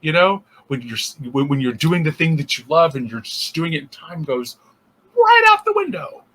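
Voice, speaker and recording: A man's voice: a little high, normal speed, fairly bright tone. A male interfaith minister giving a casual spiritual teaching, thinking aloud with restarts and acting out inner voices.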